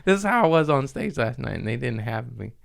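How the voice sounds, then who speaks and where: A man's voice: mid-range voice, sing-song, a little fast, gravelly. A man hosting a podcast in casual chat, goofy and laughing often, using street slang. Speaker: podcast host.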